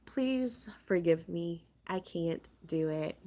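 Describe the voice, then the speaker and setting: A woman vlogging to her viewers, upset and agitated, talking in a halting, exasperated way and repeating herself. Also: on the low side, lively intonation, dark tone. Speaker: crafting vlogger. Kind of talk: casual vlog rant to viewers.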